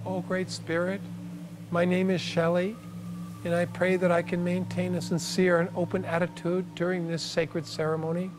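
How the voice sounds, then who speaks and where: A man doing an earnest woman offering a formal prayer in the group's set words. Her voice sits high for a man. A steady hum runs underneath. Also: normal speed, natural voice. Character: earnest woman praying in a circle.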